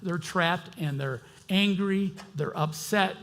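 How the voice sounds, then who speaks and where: A middle-aged male pastor preaching with a gravelly, slightly raised voice. He talks to the congregation in a conversational way. His delivery swings between fervent bursts and hushed asides. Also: high-pitched, slow pace. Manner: impassioned, conversational, swings between loud outbursts and quiet asides. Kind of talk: sermon.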